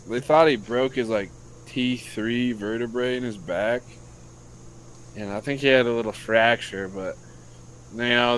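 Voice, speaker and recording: A man's voice: medium pitch, fairly bright tone, slight background noise, low-quality recording. An American man, a podcast co-host and youth football coach, telling a story loosely and profanely in casual chat.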